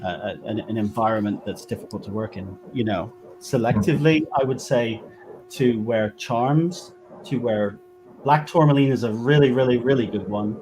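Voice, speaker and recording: Speaking at a medium pitch over background noise, a West Country man from England talks as a guest medium in an informal interview. His speech is hesitant, full of fillers and restarts.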